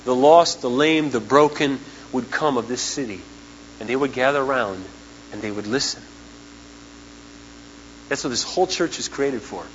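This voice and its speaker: A man preaching a sermon as pastor, impassioned, swinging from hushed lines to shouting ones, in a large church auditorium over the sound system. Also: medium pitch, normal speed, pauses often. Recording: dull 1990s church tape with hall echo and hum.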